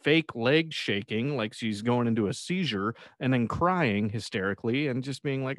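A man's voice: medium pitch, lively intonation, moderate pace, hardly any pauses, no room sound. A man co-hosting a podcast, chatting casually with frequent swearing and restarts. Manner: profane, rambling, lots of restarts. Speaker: podcast co-host. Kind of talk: casual chat.

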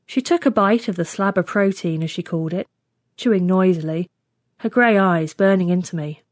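A woman's voice: lowish voice, moderate pace, no room sound. Woman narrating a story, dry sound. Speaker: story reader. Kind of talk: scripted narration.

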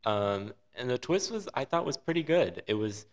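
A man's voice: mid-range voice, sing-song, moderate pace. A man co-hosting a podcast, chatting casually and enthusiastically about a movie he saw. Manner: rambling, enthusiastic opinions. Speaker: podcast co-host. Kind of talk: casual film review chat.

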